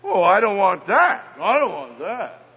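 A man's voice: high voice, sing-song, a little slow, husky, exaggerated voice. A man putting on a stubborn little girl. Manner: whiny, defiant. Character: stubborn little girl refusing her oatmeal. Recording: dull recording in echoey hall.

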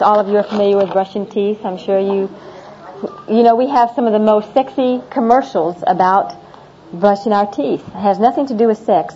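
Heard through a dull, lo-fi classroom recording with faint noise, a middle-aged woman tells international students about everyday American customs. Her mid-range voice is mellow, and she chats, rambles a little, repeats points and laughs at her own anecdotes.

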